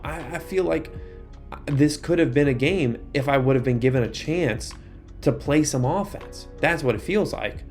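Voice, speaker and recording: Excitable young man commenting on gameplay. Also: fairly high pitch, moderate pace, faint music behind. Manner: excitable, exasperated outbursts at the game. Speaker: gaming YouTuber.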